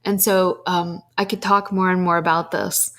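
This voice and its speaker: A woman's voice: on the low side, little pitch movement, normal speed, fairly bright tone. Candid, emotive woman spiritual host. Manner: candid, emotive, casual swearing. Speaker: podcast host and spiritual teacher. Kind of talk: casual spiritual talk.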